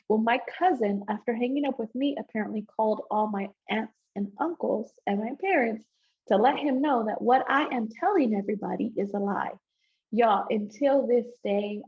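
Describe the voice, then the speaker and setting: A woman's voice: on the high side, darkish tone, husky. A woman giving a personal testimony to a live audience, telling her story conversationally and often checking in with "right?". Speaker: speaker sharing a personal testimony. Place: live event in front of an audience. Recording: dull, lo-fi live event recording.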